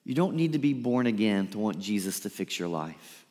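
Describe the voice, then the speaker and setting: A man preaching a sermon, lively and emphatic, sometimes dropping to a soft pleading voice to act out a quote. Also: fairly low pitch, normal speed. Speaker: pastor. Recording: reverberant hall.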